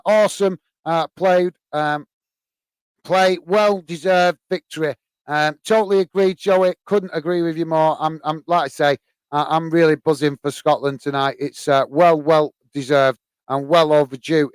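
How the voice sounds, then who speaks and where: A man's voice: fairly high pitch, clear, resonant tone, no room sound. An English man hosting a live football stream, reading fan comments aloud with lots of fillers and friendly "mate" replies. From England. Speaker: host reading live chat.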